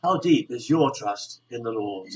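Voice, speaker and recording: A man from a church community reading a devotional reflection aloud in a calm, measured, earnest way. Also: mid-range voice, muffled recording.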